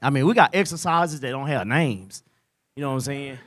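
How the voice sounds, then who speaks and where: A man's voice: mid-range voice, brisk, fairly bright tone, no echo. A man doing stand-up comedy, rambling through anecdotes and laughing at his own jokes.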